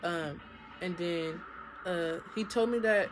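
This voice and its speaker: A woman's voice: on the low side, moderate pace, fairly bright tone, soft background music. A young woman telling her own story to her viewers in a casual, chatty storytime vlog, often talking to them directly. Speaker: vlogger.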